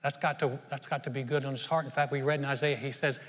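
A man's voice: mid-range voice, level tone, fast, in a large hall. An older man preaching a sermon to a congregation, earnest and conversational, often restarting his words. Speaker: pastor. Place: auditorium.

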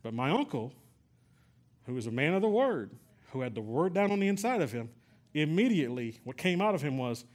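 A man's voice: on the high side, sing-song, fairly quick. A middle-aged man from Texas preaching a sermon, telling a personal story in a conversational way with many fillers and restarts. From San Antonio, Texas. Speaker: pastor.

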